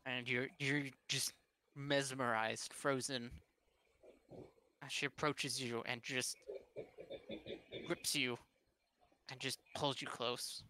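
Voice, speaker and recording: A man narrating a tabletop game as game master, with a bright, forward tone. He speaks slowly, stumbling through restarts and fillers as he describes the scene. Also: mid-range voice, little pitch movement. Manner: halting, full of fillers and restarts.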